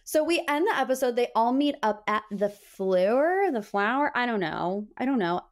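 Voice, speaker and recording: A young adult woman hosting a podcast, recapping reality TV in a chatty, animated way full of gossipy asides. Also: on the high side, fairly quick. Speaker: podcast host. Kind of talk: casual pop-culture recap.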